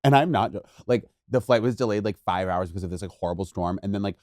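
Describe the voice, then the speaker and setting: A man's voice: lowish voice, fast talker, a little mellow, dry recording, studio quality. A man co-hosting a podcast in casual chat, teasing his co-host and laughing often.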